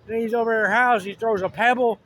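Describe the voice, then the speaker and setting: A man's voice: very high voice, fairly even intonation, fast talker, fairly bright tone, slight background noise. A man rambling through a casual monologue, slangy, with lots of restarts. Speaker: vlogger.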